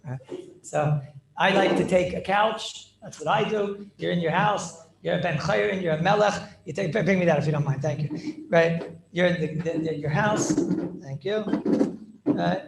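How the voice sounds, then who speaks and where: A man teaching a lively Torah class as a rabbi, playful and theatrical, mixing in Yiddish and Hebrew terms. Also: high-pitched, normal speed, vocal fry, echoey room, noisy background.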